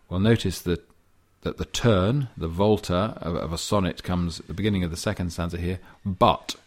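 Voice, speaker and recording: A middle-aged man explaining a poem in a measured, thoughtful way, reading lines of verse aloud between scholarly asides. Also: sits low, darkish tone. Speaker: literature lecturer.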